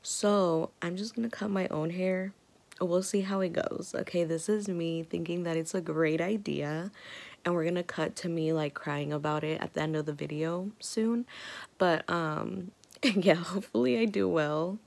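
A woman's voice: on the low side, fairly even intonation, moderate pace, creaky, darkish tone. A young woman vlogging from her bedroom, talking nervously and giggling between gasping exclamations. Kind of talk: casual vlog chat. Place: bedroom at home.

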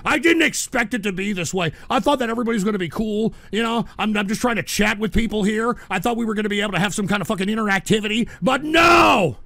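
A sick man hosting a livestream talk show, exasperated, swearing and shouting at trolls. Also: high-pitched, rapid-fire, gravelly, hardly any pauses, dry recording. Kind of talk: casual livestream rant.

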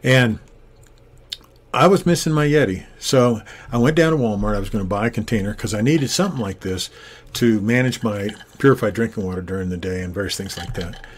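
Husky older man telling a faith story. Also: lowish voice, fairly quick. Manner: earnest and animated, acting out the people he quotes. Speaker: Christian minister. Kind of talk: personal testimony storytelling. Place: home studio with green screen. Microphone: desktop USB studio microphone.

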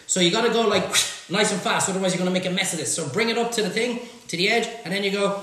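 A high-voiced Irish man leads a live cooking demonstration from his own kitchen, cracking jokes and chatting back to viewers' comments. The room is very echoey, with a faint hum of background noise behind him. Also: fast talker, bright, forceful tone. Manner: jokey banter, reading out viewer comments. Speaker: chef hosting a live cook-along. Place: home kitchen.

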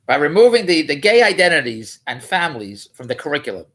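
A man's voice: fairly high pitch, big pitch swings, quick pace, fairly bright tone, slightly rough. A man riffing in a rambling, mocking way on a news article, often correcting himself. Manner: rambling, digressive, self-correcting; incredulous, mocking. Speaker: vlogger.

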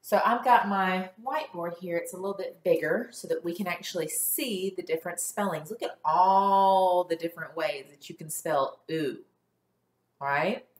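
A woman teaching a phonics lesson to young children, stretching out sounds slowly and clearly for them to repeat. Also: on the low side, echoey room. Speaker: first grade teacher.

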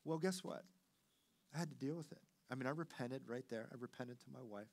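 Briskly and in a mid-range voice, a middle-aged pastor preaches a sermon full of animated stories, moving between loud delivery and hushed delivery.

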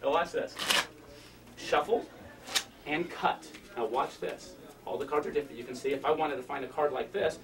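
High-voiced man doing comic magic patter. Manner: joking, chatty, self-mocking asides to the audience. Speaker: stage magician. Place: stage before a live audience. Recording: distant mic, loud crowd and noise. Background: loud audience noise.

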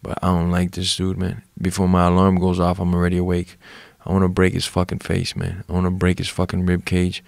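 A man's voice: deep voice, monotone, fairly quick, creaky, hardly any pauses, a little mellow, no room sound. A man, a fighter, bluntly trash-talking a rival with heavy profanity. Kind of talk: trash talk.

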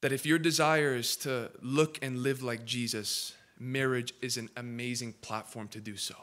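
Bright-voiced impassioned male pastor. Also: mid-range voice, steady tone, moderate pace. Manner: impassioned, swings between hushed and loud emphatic build-ups. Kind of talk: sermon. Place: church sanctuary.

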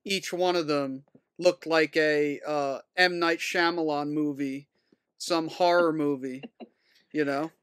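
A man's voice: fairly high pitch, steady tone, takes it slowly, fairly bright tone, clean tone, no echo, clean studio sound. A man co-hosting a reaction show, mocking a clip with sarcastic commentary.

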